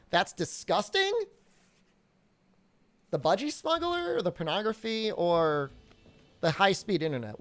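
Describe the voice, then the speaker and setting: Man, game streamer, lively up-and-down pitch, joking, rambling, reading chat aloud. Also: vocal fry. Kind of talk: casual live-stream chat.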